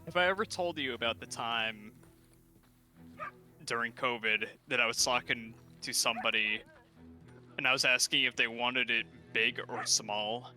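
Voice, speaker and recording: A man chatting casually over a game stream, telling animated stories, laughing often and acting out quotes. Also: mid-range voice, normal speed, soft background music. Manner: animated storytelling, laughs a lot, acts out quotes. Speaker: stream co-host. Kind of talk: casual chat over gameplay.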